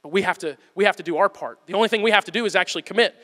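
A man's voice: high-pitched, rapid-fire, fairly bright tone, big-room sound. A male pastor giving a sermon in an earnest, conversational way with emphatic repetition.

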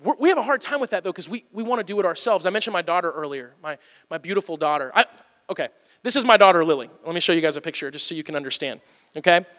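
A man's voice: sits high, expressive, rapid-fire, fairly bright tone, big-room sound. A male pastor giving a sermon in an earnest, conversational way with emphatic repetition.

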